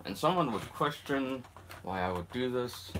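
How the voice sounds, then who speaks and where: A man's voice: mid-range voice, animated, normal speed, fairly bright tone, a little hiss or hum. A young man hosting his own live stream, chatting casually and rambling with self-mocking asides, talking around a guitar pick held in his mouth. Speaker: channel host.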